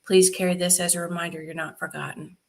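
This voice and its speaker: A woman in an interview telling her charity's story in an animated way, laughing often and quoting what others said. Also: lowish voice, fast, creaky. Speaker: charity founder guest.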